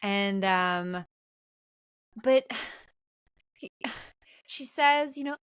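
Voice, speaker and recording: A woman co-hosting a podcast, chatting casually about a film, blunt and expressive, acting out the characters' lines. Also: mid-range voice, extremely slow, long pauses, smooth, no echo, clean studio sound. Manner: animated, blunt, swears, acts out lines. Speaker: podcast co-host. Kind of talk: casual chat recapping a film.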